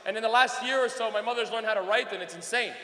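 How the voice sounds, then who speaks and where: A man's voice: sits high, fast talker, bright, forceful tone. A young man doing a brash, profane stand-up comedy set on a club stage. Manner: brash, profane, laughing storyteller. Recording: echoey club with long reverb.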